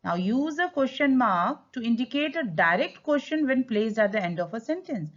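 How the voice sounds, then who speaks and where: A woman's voice: a little high, big pitch swings, moderate pace, hardly any pauses. A woman with an Indian English accent teaching a grammar lesson, stressing key words and slipping into Hindi to explain. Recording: dull lo-fi sound.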